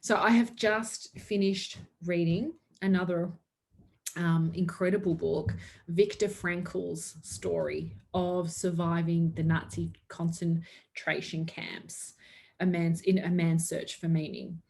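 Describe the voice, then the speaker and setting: A woman's voice: lowish voice, fairly even intonation, takes it slowly, creaky, a little mellow. A woman giving an earnest motivational talk to her sales team, upbeat and laughing often. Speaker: network marketing team leader.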